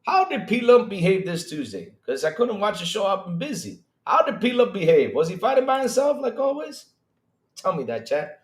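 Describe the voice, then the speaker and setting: Male stream host, lively high voice with big swings, slangy chat-reading manner, roomy echo. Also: moderate pace. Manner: animated, reads chat aloud, slangy asides. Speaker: podcast host. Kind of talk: casual livestream chat, reading news.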